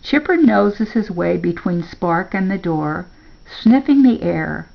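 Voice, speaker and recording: An older woman reading a children's story aloud in a slow, measured way. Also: lowish voice, animated, vocal fry, dull audio.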